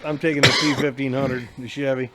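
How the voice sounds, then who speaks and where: A man's voice: mid-range voice, flat delivery, a little fast, very noisy. A man co-hosting a casual podcast, telling a long story in a rambling, profane way and laughing as he goes. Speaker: podcast co-host. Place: bar.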